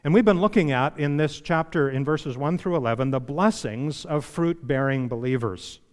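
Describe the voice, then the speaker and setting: A man preaching a sermon as pastor, emphatic, asking the congregation questions and slowing down for scripture. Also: on the high side, a little mellow. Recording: long reverb of a church hall.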